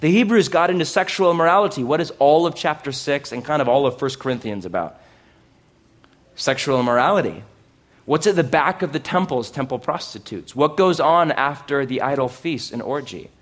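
A man preaching a sermon in an animated way, with loud exclamations, hushed asides and sarcastic, self-mocking humor. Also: fairly high pitch, fairly quick. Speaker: pastor.

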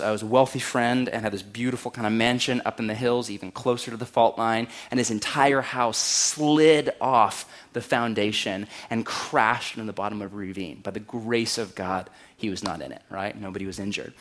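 Man, 40s, pastor, conversational sermon, wry, animated, medium pitch. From California. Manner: animated, wry, acts out quotes in a raised voice.

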